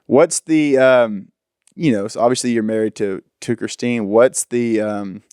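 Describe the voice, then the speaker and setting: A man's voice: medium pitch, measured pace, darkish tone, smooth, dry recording, clean studio sound. A young man hosting a podcast, talking in a chatty, rambling way with frequent restarts. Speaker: podcast host. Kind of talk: casual interview chat.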